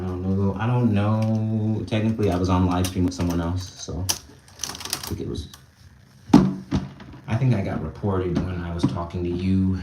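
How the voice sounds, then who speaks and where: A man's voice: sits low, mellow, reverberant, distant mic, a little hiss or hum. A young man hosting a casual live stream, bantering with his chat, reading their comments aloud and laughing often. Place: indoors at home, small room.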